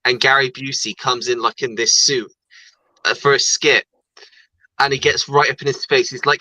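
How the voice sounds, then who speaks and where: A man co-hosting a livestream, telling stories in an animated way and reading out viewer comments in casual chat. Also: mid-range voice, measured pace, a little hiss or hum, rough recording. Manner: animated storytelling with laughs. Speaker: livestream co-host.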